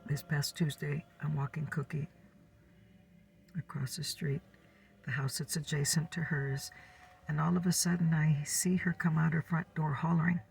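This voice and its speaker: A woman in her fifties telling a neighborhood gossip story in a soft, whispered ASMR style. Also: low voice, little pitch movement, moderate pace, far from the mic. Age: 50s. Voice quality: breathy.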